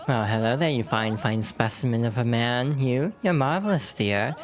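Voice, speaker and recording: A woman's voice: extremely low pitch, lively intonation, normal speed, music in the background. A woman voicing a refined, flirtatious lady passenger in a video game, gushing theatrical compliments.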